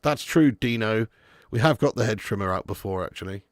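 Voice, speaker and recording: This man's fairly low, expressive voice comes at a brisk pace in a dry, studio-quality recording. He's running a live football watch-along from his home garage used as storage, casually talking with viewers, swearing freely, and reading chat messages between bits of commentary.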